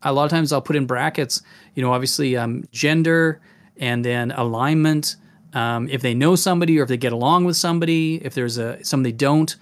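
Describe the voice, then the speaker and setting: A man's voice: mid-range voice, a little fast. A man hosting a casual podcast about running tabletop games, talking with animation and dropping into voices. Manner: animated, demonstrative, jumps into voices. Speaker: game master and podcast host.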